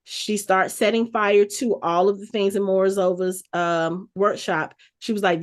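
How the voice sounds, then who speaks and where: Animated woman recapping an episode. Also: medium pitch, moderate pace, few pauses. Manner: animated storytelling, acts out quotes. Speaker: podcast host.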